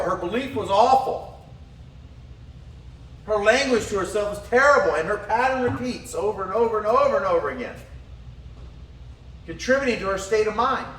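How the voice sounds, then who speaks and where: A man's voice: high-pitched, a bit bright, far from the mic. A man giving a motivational talk, telling a story with animation and frequent laughs. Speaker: motivational speaker. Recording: roomy echo, voice from away from the mic.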